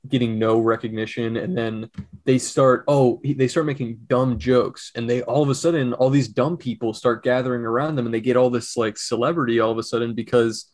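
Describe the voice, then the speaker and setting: A man's voice: mid-range voice, fairly even intonation, a little fast, darkish tone, dry recording. A young man co-hosting a podcast in casual chat, rambling with restarts and swearing. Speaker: podcast co-host.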